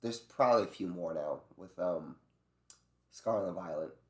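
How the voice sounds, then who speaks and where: A man's voice: low-pitched, moderate pace, a little mellow. A man chatting casually as a video creator, rambling loosely with swearing, many fillers and restarts. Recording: echoey room.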